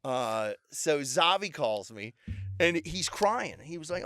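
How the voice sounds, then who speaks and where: A man's voice: a little high, moderate pace, no echo. A man, a comedian guest on a podcast, telling casual stories and acting out the people in them. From Baltimore. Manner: animated storyteller acting out quotes. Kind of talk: casual storytelling.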